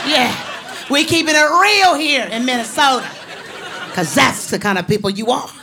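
A high-pitched woman performs stand-up with a brassy, animated punch and frequent shouted lines. An audience laughs loudly around her, and the live room underneath is noisy. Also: normal speed, vocal fry, a crowd in the background. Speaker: stand-up comedian. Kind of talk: stand-up comedy set. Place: live comedy venue.

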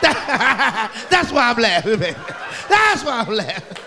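A comic doing a cackling giddy lover. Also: male voice, very high-pitched, moderate pace, gravelly, crowd noise, heavily acted. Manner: giddy constant cackling, yelling out. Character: cackling boastful man laughing through sex. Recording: live club audience noise.

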